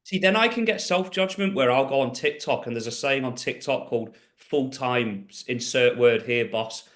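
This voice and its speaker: A man's voice: medium pitch, normal speed, a bit bright. A man hosting a casual podcast conversation, chatty and prone to stumbles and restarts. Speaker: podcast host.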